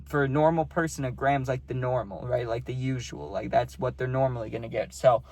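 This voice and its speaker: A man's voice: medium pitch, steady tone, fairly quick, darkish tone, slight background noise. A young man telling a personal story in a loose, profane, rambling way, full of fillers, recorded close to the mic. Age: young adult. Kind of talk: casual storytelling.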